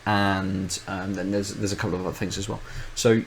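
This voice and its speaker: A man's voice: low voice, flat delivery, fairly quick, slight background noise, rough recording. A man, co-host of a podcast, in casual chat, rambling and thinking aloud with many restarts.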